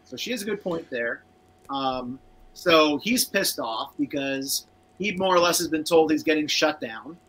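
A man's voice: on the high side, lively intonation, a little slow, fairly bright tone, breathy edge, rough recording. A man co-hosting a casual cartoon rewatch show, chatting and reading out viewer comments. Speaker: podcast co-host.

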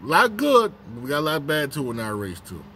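A man's voice: fairly high pitch, huge pitch swings, a little fast, a bit bright, slight background noise. A man hosting his own casual commentary vlog on a break at work, talking bluntly and repeating his points for emphasis.

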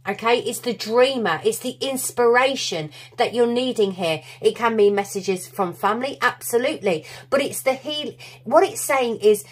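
A woman's voice: fairly high pitch, expressive, normal speed, husky. A woman giving a tarot reading to her viewers, effusive, encouraging and openly emotional. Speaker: tarot reader.

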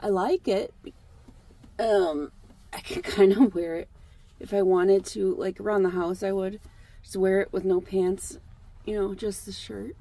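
Chatting to the camera in a loose, rambling vlog, this woman spends part of it outdoors by a lake and speaks gently to a duck. Her voice is medium in pitch and steady, her pace measured, and the recording dry.

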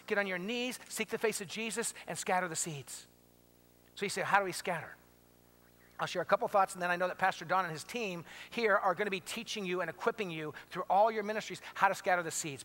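A man preaching from the pulpit of a church, his voice pitched high and bright with a forceful edge. He presses his points with fervor, then lowers himself almost to a murmur when he tells a moving story. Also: fast. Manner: impassioned preaching, drops to hushed tones for emotional stories. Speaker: pastor. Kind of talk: sermon. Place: church sanctuary.

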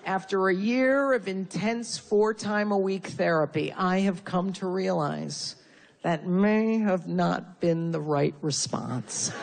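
A woman's voice: medium pitch, creaky, slight background noise. A woman from Connecticut doing a stand-up comedy set, brash and profane with punchy insult jokes. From Connecticut, USA. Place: live comedy venue with audience.

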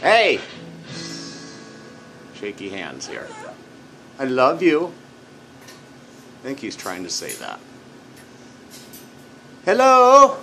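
A man filming his pet parrot at home on a handheld phone, switching between high sing-song baby talk to the bird and low asides. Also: bright, forceful tone. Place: home indoors.

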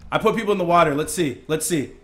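A young man giving live gameplay commentary as a streamer, excitable, breaking into yells and laughs. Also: on the high side, fast. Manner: excitable, yelling and laughing in bursts. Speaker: gaming streamer.

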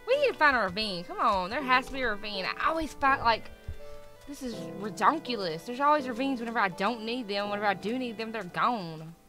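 A young woman giving excitable, chatty commentary while playing a game, squealing and talking to the animals. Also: on the high side, a little fast, music in the background. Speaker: gaming YouTuber. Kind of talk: casual gameplay commentary.

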